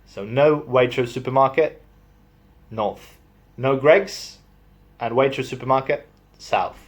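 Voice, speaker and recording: A young man from Spain gives a relaxed vlog explanation, pausing often with "uh" and "um". He speaks slowly at a mid pitch, with a chatty, self-deprecating manner. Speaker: vlogger.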